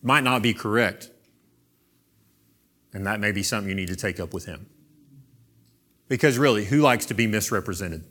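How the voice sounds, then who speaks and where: A man preaching a sermon, swinging between soft, intimate asides and loud, emphatic reading. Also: on the low side, brisk, long pauses, husky.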